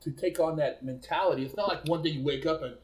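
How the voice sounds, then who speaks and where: A man's voice: on the high side, fast talker. A man hosting a casual interview, talking in easygoing street slang and often repeating words as he starts a question. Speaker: interview host. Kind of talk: conversational interview. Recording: echoey room.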